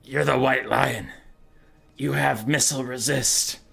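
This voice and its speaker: A man's voice: mid-range voice, fairly even intonation, measured pace, gravelly, fairly bright tone, faint music behind. A man voicing a wounded, delirious elf king who gives commands in a raised voice. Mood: imperious.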